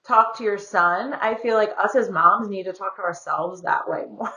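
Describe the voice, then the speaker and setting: A woman's voice: medium pitch, normal speed, bright, forceful tone. A woman in her thirties, a podcast guest chatting casually, filling her talk with "like". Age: 30s.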